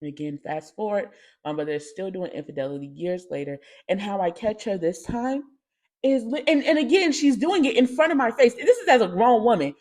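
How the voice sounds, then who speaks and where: Animated young woman telling a personal story. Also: mid-range voice, brisk. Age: young adult. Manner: animated, slangy, swings into loud shouting impressions. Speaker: podcast host.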